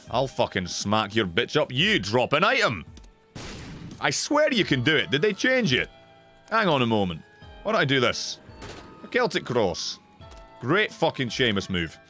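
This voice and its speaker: A British man streaming a game live, swearing freely, excitable, and effusively thanking his viewers. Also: medium pitch. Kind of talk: live gaming stream commentary.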